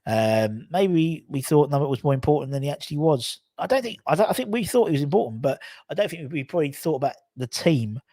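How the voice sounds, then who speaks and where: Man, football fan host, casual live chat, animated, swears, dry close sound. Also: a little high, quick pace, dry recording. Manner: animated, sweary, reads viewer comments aloud.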